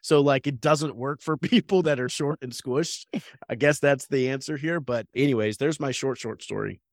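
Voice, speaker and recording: A man's voice: medium pitch, normal speed. A man co-hosts a podcast in easy, casual chat. He tells stories with plenty of laughter, and his voice rises and falls a lot. The sound is dry and close, with no room echo. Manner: animated storyteller, laughs often. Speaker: podcast co-host.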